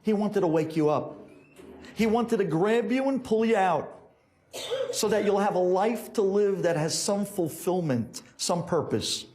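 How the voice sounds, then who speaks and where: A man's voice: high voice, measured pace, darkish tone, voice pushed up. A man voicing an elderly rabbi who questions emphatically and earnestly. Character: elderly male rabbi, warm and insistent.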